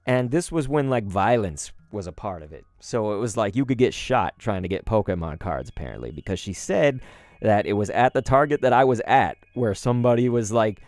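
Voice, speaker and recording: A man's voice: on the low side, lively intonation, fairly quick, a little mellow, no room sound. Chatty man rambling through a story. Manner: rambling, chatty, swears casually, lots of "like". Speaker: YouTube card-opening host. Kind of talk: casual storytelling vlog.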